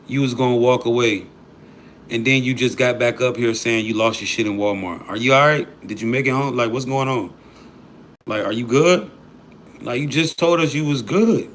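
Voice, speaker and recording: A man's voice: medium pitch, a bit bright, slight background noise. A man hosting a livestream, talking loosely and profanely to his chat in disbelief. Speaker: livestream host.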